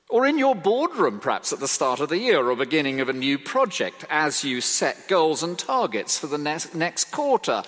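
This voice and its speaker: A man preaching a sermon, emphatic and expressive, asking rhetorical questions. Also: a little high. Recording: reverberant hall.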